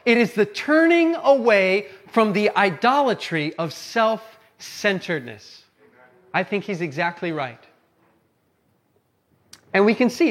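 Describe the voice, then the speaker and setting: High-voiced man preaching a conversational sermon. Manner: earnest, conversational preaching with frequent "right?" and "okay?". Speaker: pastor.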